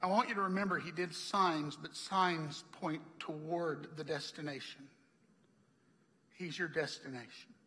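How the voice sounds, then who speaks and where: Bright-voiced pastor telling stories. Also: male voice, fairly high pitch, steady tone, unhurried, in a large hall. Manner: chatty storyteller, laughs often, acts out quoted lines. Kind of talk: sermon with personal stories. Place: church hall.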